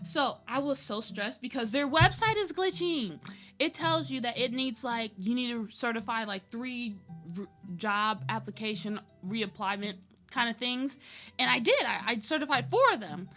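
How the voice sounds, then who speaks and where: A woman's voice: on the high side, animated, moderate pace, sharp tone, soft background music. A young adult woman chatting casually on her art livestream, laughing often with nervous, giggly energy. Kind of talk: casual chat while drawing.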